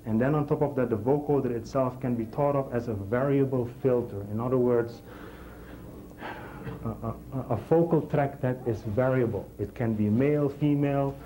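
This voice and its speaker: A man teaching a technical class in a classroom, halting and repeating words as he explains and checking in with the class. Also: medium pitch, dark tone, a little hiss or hum, low-quality recording. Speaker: instructor.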